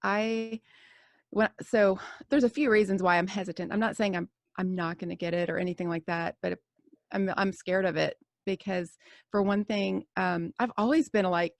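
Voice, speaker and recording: A nurse in her forties joins a casual roundtable podcast, talking candidly and rambling with lots of fillers and restarts. Her medium-pitched voice has a gravelly edge, fairly even intonation, and a moderate pace. The sound is close and dry, with no room around it and no echo.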